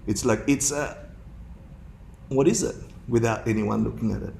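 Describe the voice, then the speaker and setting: A man's voice: medium pitch, normal speed, gravelly, dark tone, slight background noise. A man teaching a dharma class to a room of students, playful, laughing often and putting questions to them.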